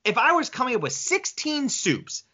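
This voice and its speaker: A young man in a loose podcast debate who argues with incredulous, swearing energy. His voice is high and bright, and his pitch jumps around a lot. The recording is slightly dull and lo-fi. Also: sing-song, normal speed. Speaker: co-host.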